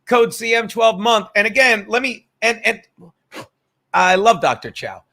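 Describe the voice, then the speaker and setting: A man with a high, bright and forceful voice rants as the host of his own podcast. He talks in a profane, heated way, full of sarcasm, and now and then reads out viewer chats. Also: very animated, a little slow. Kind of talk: casual ranting monologue.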